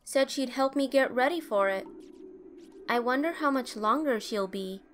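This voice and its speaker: A woman's voice: high-pitched, moderate pace, noisy background, natural voice. A woman voicing a curious, chatty young girl in a fan game dub. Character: young girl waiting for her sister.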